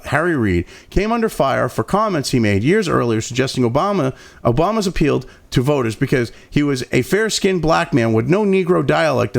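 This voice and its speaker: A high-pitched man with a gravelly edge to his voice and wild swings in pitch. He reads news copy aloud, trips over words and restarts, then breaks off into foul-mouthed, mocking rants. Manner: profane and mocking, with frequent outbursts; stumbles and restarts while reading aloud. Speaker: political commentary host. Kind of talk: ranting commentary over a read-aloud article.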